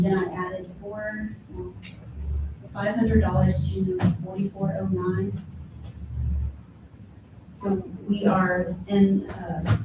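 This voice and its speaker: A woman's voice: lowish voice, background noise. Woman in an echoey meeting room. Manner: plainspoken, matter-of-fact, self-correcting. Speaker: county clerk. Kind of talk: budget presentation at a public meeting. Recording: very echoey room from a distant mic.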